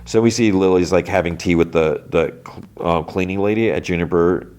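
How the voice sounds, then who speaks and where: A man's voice: low voice, brisk, darkish tone, a little hiss or hum. A man hosting a podcast, casually recapping a TV episode in a loose, rambling way full of fillers. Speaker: podcast host.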